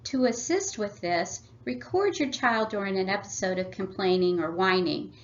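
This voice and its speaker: A woman presenting a family workshop, reading a prepared script in a measured, instructive way. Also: mid-range voice, expressive. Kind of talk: scripted read-aloud presentation. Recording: slightly dull lo-fi audio.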